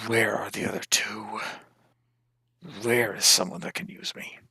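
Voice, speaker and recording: A man's voice: fairly low pitch, little pitch movement, measured pace, vocal fry, pushed and bright, husky, no room sound, clean studio sound, full character voice. A man voicing a sinister spirit inside a totem, speaking in a hissing whisper. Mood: demanding.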